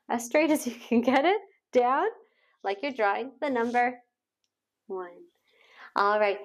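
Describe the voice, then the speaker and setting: High, sing-song woman teaching kids. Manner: slow, sing-song and encouraging, sounding out letters. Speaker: children's teacher. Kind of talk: phonics lesson for young children.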